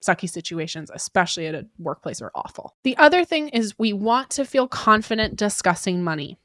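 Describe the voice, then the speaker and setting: A chatty woman hosts a casual podcast offering job-interview advice, her medium-pitched voice expressive and a bit bright in a dry recording. She talks quickly, often tacking on "right?" and using fillers like "like" and "kinda."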